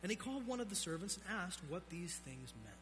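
A man delivers a sermon in a bright, forceful voice. He climbs to loud, emphatic peaks, then sinks to quiet, low lines. His voice rings with a long reverb in a large hall, over faint guitar music. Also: big pitch swings, fairly quick. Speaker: preacher.

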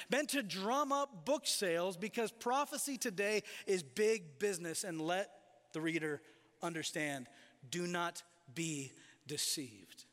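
A man preaching a sermon as a pastor, emphatic, slowing down to stress key phrases. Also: sits high, a bit bright. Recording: long reverb of a large hall.

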